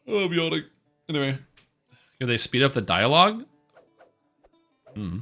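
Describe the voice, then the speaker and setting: Guy streaming games, rambly and opinionated, bright sharp tone, chatty. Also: medium pitch, very animated, normal speed, creaky, soft background music. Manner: rambling, offhand and opinionated, with frequent fillers. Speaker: game streamer. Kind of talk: casual live-stream commentary.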